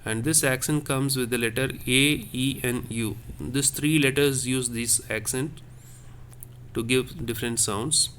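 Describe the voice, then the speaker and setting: A man's voice: medium pitch, steady tone, a little slow, a bit bright, a little hiss or hum. A man teaching a lesson on French accents, explaining patiently and repeating each point step by step.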